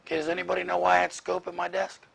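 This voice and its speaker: Man, trainer, gravelly, husky, blunt, rhetorical questions, leadership class. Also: high voice, completely flat delivery, very fast, a bit bright.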